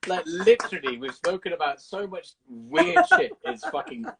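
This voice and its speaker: A man's voice: sits high, wildly swooping pitch, moderate pace, gravelly, a crowd in the background, low-quality recording. A man with a Birmingham accent hosting a casual live video chat, sweary and laughing, often losing his thread. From Birmingham, England. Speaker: host. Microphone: video call.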